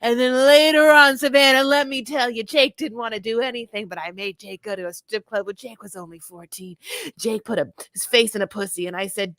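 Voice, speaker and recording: A woman's voice: medium pitch, quick pace, dry recording. A young woman co-hosting a podcast, chatting casually and acting out people's quotes in a loose, swearing recap style. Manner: animated, acts out quotes, swears freely. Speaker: podcast co-host. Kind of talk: casual reality-TV recap chat.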